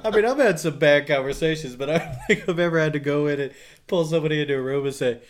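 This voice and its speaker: A man co-hosting a podcast in loose, casual banter. He swears freely and laughs through his stories, and his voice sits a little on the high side. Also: quick pace, background noise. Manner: profane, laughing storyteller. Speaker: podcast co-host.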